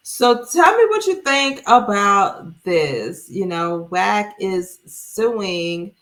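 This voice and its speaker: A woman's voice: mid-range voice, very animated, drawn-out words, hardly any pauses, a bit bright. A woman hosting her own channel, reading a legal document aloud and then chatting with viewers in a casual, sarcastic way.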